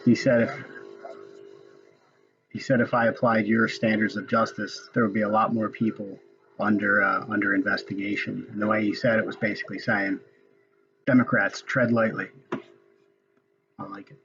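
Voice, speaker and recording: A man's voice: fairly low pitch, level tone, brisk, dull audio, music in the background. A man ranting casually and angrily about a hearing he is watching, swearing often. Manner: profane, angry ranting. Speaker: political commentator. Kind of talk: casual recorded commentary.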